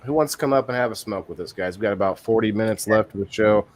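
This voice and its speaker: A man's voice: fairly low pitch, fast talker. A man hosting a casual live-stream podcast, rambling with many restarts and reading viewer comments aloud. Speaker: podcast host.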